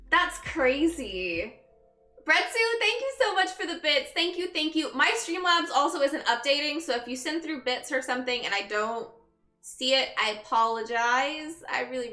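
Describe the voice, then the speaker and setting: Tired young woman streamer, bright highish voice, echoey room, faint music behind. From Texas. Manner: chatty, greets viewers by name, tired. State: exhausted. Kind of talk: casual chat with viewers. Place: her bedroom.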